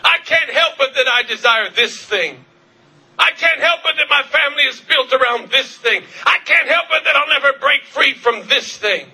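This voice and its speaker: A man preaching a revival sermon, fervent, repeating his questions and shouting at the peaks. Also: extremely high pitch, lively intonation, normal speed. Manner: fervent, shouting at peaks, repetitive calls to the congregation. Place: church service.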